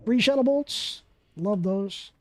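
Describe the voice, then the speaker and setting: Profane gaming streamer, warm voice. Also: mid-range voice, slow pace. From Canada. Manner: excitable, profane, chatty banter with viewers. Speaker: game streamer. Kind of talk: live gameplay commentary.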